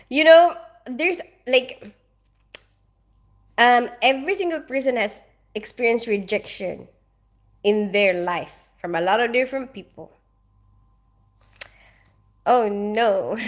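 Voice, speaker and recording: A young woman hosts a relaxed livestream, reading comments and greeting viewers by name in a chatty, friendly way. Her voice sits fairly high, and she laughs often between remarks. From Philippines. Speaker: livestream host.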